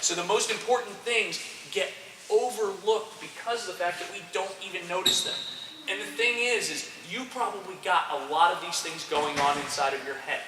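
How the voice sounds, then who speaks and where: A man coaching young soccer players, giving an energetic, direct motivational talk to a group and checking in with frequent "okay"s. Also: high-pitched, moderate pace. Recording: roomy echo, distant mic, faint noise.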